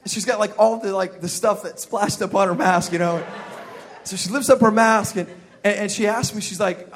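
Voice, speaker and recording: Animated high-voiced pastor preaching. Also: male voice, normal speed. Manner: animated storytelling with sound effects and shouted emphasis. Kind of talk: comedic sermon. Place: church service with live congregation.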